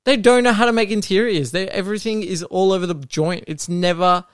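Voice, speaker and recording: A young man with a smooth, resonant voice holds forth on cars in a relaxed podcast argument. He is opinionated, fills pauses with ums and laughs easily. The sound is dry and close. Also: sits high, no echo. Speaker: podcast co-host. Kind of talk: casual chat.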